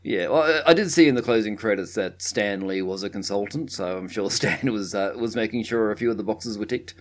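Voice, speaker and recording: A man's voice: lowish voice, a little fast. A man co-hosting a podcast in casual chat, talking with frequent laughs and restarts. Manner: chatty, laughs often, restarts. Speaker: podcast co-host.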